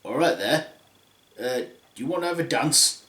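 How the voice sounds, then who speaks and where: A man's voice: medium pitch, lively intonation, moderate pace, bright, forceful tone. A man voicing a lecherous, crude young prince, in an echoey room. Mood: leering. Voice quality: blunt, crude.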